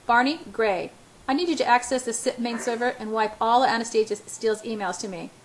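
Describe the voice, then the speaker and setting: A domineering young billionaire in a rage, read by a woman in an audiobook. He barks short, clipped commands and snarls through his teeth, pushing every line loud and hard. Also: a little high, a little fast, slight background noise, close to an everyday voice. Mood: commanding.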